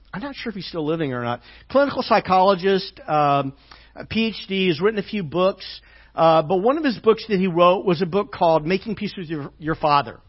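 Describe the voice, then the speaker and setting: A man preaching a sermon as pastor, halting with many fillers and dropping soft and slow on tender lines. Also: high voice. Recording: dull lo-fi church audio.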